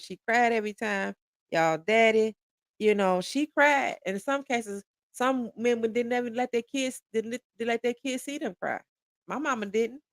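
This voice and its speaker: A woman's voice: fairly high pitch, fairly bright tone, dry recording, studio quality. Blunt, profane woman in her forties. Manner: blunt, profane and emphatic, restarting and repeating words. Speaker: podcast speaker. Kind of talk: candid podcast monologue.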